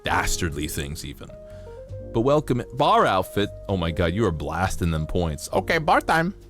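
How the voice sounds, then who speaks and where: A man's voice: on the low side, big pitch swings, moderate pace, a bit bright, soft background music. A man chatting casually on a livestream, reading out stories and joking around, laughing at himself and swearing freely.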